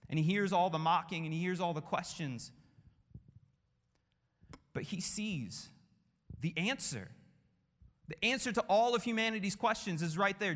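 A man preaching a sermon with passion, building through repeated phrases and dropping to hushed tones. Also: high voice. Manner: impassioned, rhythmic repetition, drops to hushed tones. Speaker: pastor. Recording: long hall reverb.

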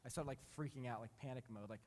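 A man in his thirties or forties preaching a sermon. He reads scripture slowly, then tells a candid, self-mocking story about his family. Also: medium pitch, a little mellow. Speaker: pastor. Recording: long reverb in a big hall.

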